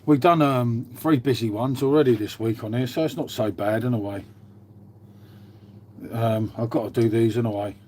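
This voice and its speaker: A man's voice: mid-range voice, fairly even intonation, moderate pace, a little mellow, slight background noise. A British man hosting a casual livestream, chatting and swearing freely while greeting and answering viewers. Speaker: livestream host. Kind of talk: casual live-stream chat.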